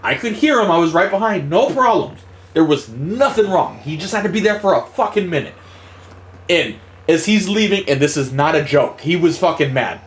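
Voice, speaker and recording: A man with a slightly high voice tells a story casually, swearing freely and staying animated. He chuckles now and then, with a faint hum of noise behind him. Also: moderate pace. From United States. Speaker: gaming streamer.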